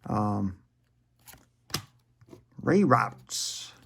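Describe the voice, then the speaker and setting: A man's voice: on the low side, big pitch swings, drawn-out words, vocal fry, fairly bright tone, slight background noise. A man in his forties chatting casually while opening trading card packs, rambling and profane, chuckling often.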